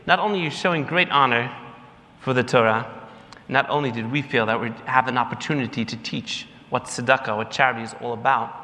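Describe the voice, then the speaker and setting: A man tells a story from the stage of a gala, bright and ringing in tone. He acts out the voices of the people in his story. A long hall reverb trails each phrase. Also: medium pitch. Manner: lively storyteller, mimics others in quotes. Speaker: gala speaker for the organization. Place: large banquet hall.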